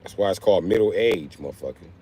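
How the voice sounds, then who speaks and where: A man's voice: lively intonation, fast, slightly rough. A man in his late thirties on a casual livestream, reading chat aloud and roasting viewers with profanity. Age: late 30s. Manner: trash-talking, mocking chat users with shouted high bits.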